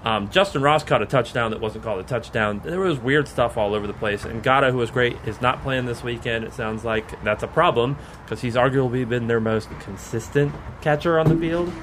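Speaking a little fast at medium pitch with hardly any pauses, this man hosts a college football podcast over a noisy background. His casual sports chat is jokey and rambling, with frequent laughter.

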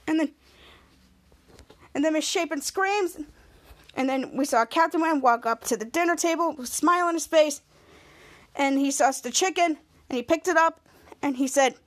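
Woman, high voice, podcast host, casual rambling recap, frequent restarts. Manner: rambling run-on retelling with many restarts; quotes characters in a raised voice.

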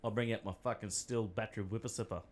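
Sweary laid-back Australian bloke. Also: male voice, lowish voice, fairly even intonation, fast, slight background noise. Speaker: podcast host. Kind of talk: casual chat.

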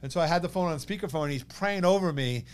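A man in his thirties with a New York accent, telling a personal story as a podcast guest in an animated way, acting out what others said. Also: on the high side, fast, clean tone. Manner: animated, quotes others in lively bursts.

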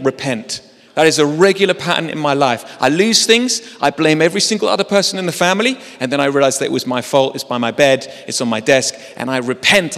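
A man preaches a sermon in a chatty, self-mocking way, with a voice on the higher side for a man. His words carry the long reverb of a large church hall. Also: a bit bright. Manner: conversational, self-deprecating humor.

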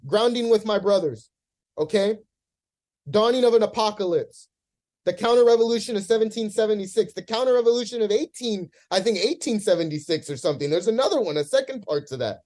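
A man's voice: sits high, a little mellow. A man in a podcast discussion, talking in an impassioned, profane rant, visibly emotional.

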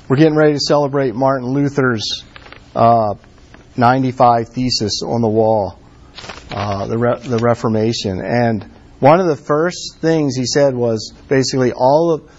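A man preaching a casual, conversational sermon, filling his talk with "like" and "um" and pressing his points with warm emphasis. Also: a little high. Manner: conversational, many fillers like "like" and "um". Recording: dull lo-fi sound.

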